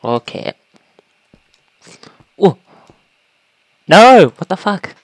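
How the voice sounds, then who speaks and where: Woman, very deep voice, slow talker, gaming commentary, talks to mobs, sudden shouts. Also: no echo. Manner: talks to game creatures, sudden panicked shouts. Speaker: gaming YouTuber. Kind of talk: casual game commentary.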